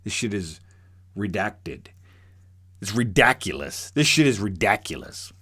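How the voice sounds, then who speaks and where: Low-voiced rambling man. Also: very animated, a little slow, fairly bright tone, breathy edge. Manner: rambling and profane, many fillers and restarts. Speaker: storyteller. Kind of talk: casual spoken true story.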